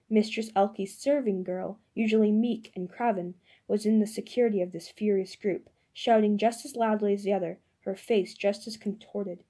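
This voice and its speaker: Woman audiobook narrator, measured delivery, mellow dark tone. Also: medium pitch, steady tone. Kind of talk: audiobook reading.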